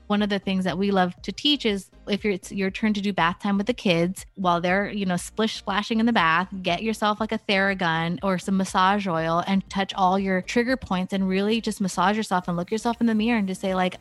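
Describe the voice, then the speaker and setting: A woman's voice: medium pitch, fairly quick, hardly any pauses, no echo. A woman in her thirties, a parenting course co-founder, talking candidly and reflectively as a guest, with many "like"s and "you know"s. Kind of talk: casual conversational interview.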